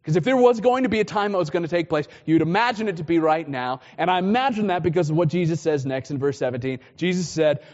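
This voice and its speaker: A fairly high-voiced man preaches a conversational sermon, often stumbling and repeating words as he restarts. The sound is muffled, and his voice carries a long reverb from a church hall. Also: expressive, fast talker, few pauses, darkish tone. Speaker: pastor.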